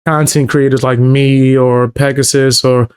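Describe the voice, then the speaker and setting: A man co-hosting a reaction video, talking in an animated, slangy way and laughing often. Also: medium pitch, unhurried, clear, resonant tone. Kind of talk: casual reaction chat.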